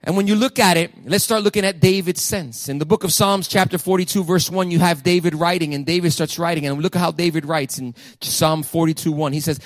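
A man's voice: on the high side, fairly even intonation, a little fast, hardly any pauses, no echo. Emphatic preaching man, dry sound. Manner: emphatic preaching, swinging from loud to hushed. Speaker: pastor. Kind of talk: sermon. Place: church sanctuary.

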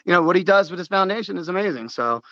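A middle-aged American man with a high-pitched voice calls in to a sports radio show and talks fast, on a dry recording with the highs cut off. Animated and rambling, he tells a long story full of restarts and laughs.

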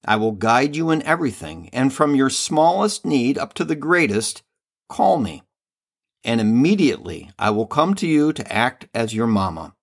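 A man reading the part of a loving heavenly mother and queen, slow, solemn and tender, in a devotional reading. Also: mid-range voice, sing-song, gravelly.

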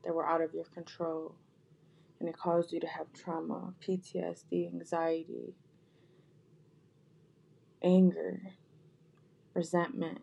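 A woman speaking gently and directly to her viewers, repeating heartfelt apologies and words of comfort. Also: on the low side, completely flat delivery, normal speed, gravelly, slightly rough, lo-fi sound. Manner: gentle, soft-spoken, repetitive, with frequent restarts. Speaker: vlogger.

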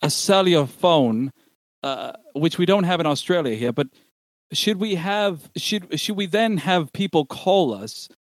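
A man's voice: on the high side, expressive, a little slow, dry recording. Dry-voiced male podcast co-host. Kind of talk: casual podcast chat.

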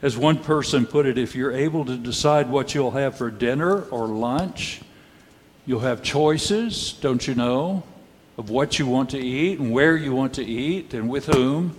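Slow, wry preacher in a reverberant hall. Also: male voice, medium pitch. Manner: measured, rhetorical questions, dry wry asides. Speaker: pastor. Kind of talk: sermon.

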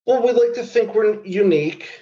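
A man's voice: sits high, moderate pace, mellow. A man from upstate New York in casual recovery talk, telling a story in a laid-back, profane way. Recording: dull lo-fi sound.

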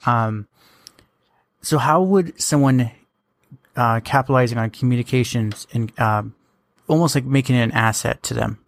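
A man's voice: medium pitch, moderate pace, long pauses, no room sound. A man hosting a casual podcast, asking questions with self-deprecating asides. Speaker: podcast host.

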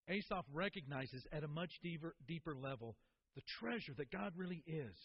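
A man's voice: on the high side, breathy edge, lo-fi sound. A man preaching a sermon, telling stories in an earnest way and repeating words for emphasis.

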